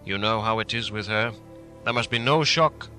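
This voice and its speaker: Guy doing a grave old professor, bossy but kind, bright voice, soft music under it. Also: fairly low pitch. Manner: grave, urgent, measured speech. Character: elderly male professor, grave and commanding, kindly.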